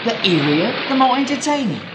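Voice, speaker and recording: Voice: medium pitch, big pitch swings, fairly quick, lightly acted. Someone doing a stammering, wheedling street hustler. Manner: wheedling, stammering, says "sir" constantly. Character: wheedling street hustler who stages his own drowning. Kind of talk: amateur radio-play acting. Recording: hissy home tape recording.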